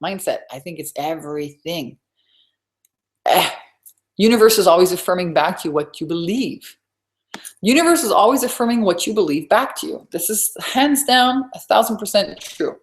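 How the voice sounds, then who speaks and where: A woman's voice: on the low side, lively intonation, moderate pace. A woman business coach teaching a live webinar in a chatty, emphatic way, repeating her key points. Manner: chatty, conversational asides.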